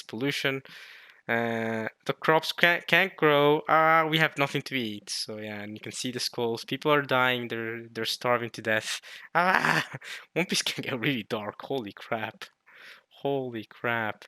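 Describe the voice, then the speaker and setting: Guy reacting to a manga chapter, gets hyped fast, swears a little, keeps correcting himself, middle-pitched voice. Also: clean tone, no room sound, studio quality. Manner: excitable, reacting aloud with mild swearing and self-corrections. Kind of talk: casual reading and reaction commentary.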